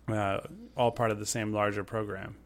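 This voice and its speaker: A man's voice: on the low side, little pitch movement, normal speed. A man co-hosting a sports podcast, musing and joking in hesitant, casual talk. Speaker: podcast co-host.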